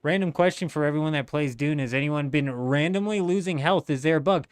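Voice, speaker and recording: A man's voice: a little high, a little fast, smooth, no echo, clean studio sound. A man in his thirties chatting casually on a gaming livestream, laid-back and rambling, swearing freely.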